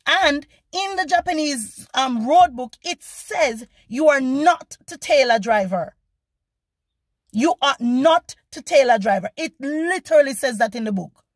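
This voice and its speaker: A woman vlogger telling a story in a casual, animated and indignant way, acting out the people she quotes. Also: high voice, a little slow, dry recording.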